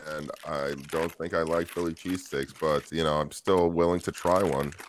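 A man's voice: rumbling low, steady tone, normal speed, slight background noise. A man co-hosting a podcast in casual chat, laid-back and rambling as he brings up news items. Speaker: podcast co-host.

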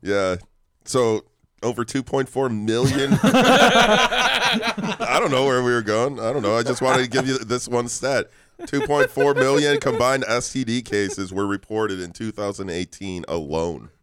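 A man on a comedy podcast who jokes with his friends and drops in statistics, hesitating with fillers as he goes. His voice sits at a middle pitch. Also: steady tone, normal speed. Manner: jokey, reads out stats with fillers. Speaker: podcast co-host. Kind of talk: casual comedy podcast banter.

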